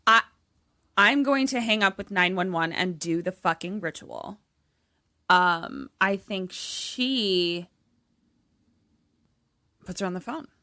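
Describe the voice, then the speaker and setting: Slow, bright-voiced woman in a dry room. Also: lowish voice, no room sound. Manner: reactive, jokey, swears, plays out her own guesses. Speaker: podcast co-host listening and guessing. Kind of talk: casual chat.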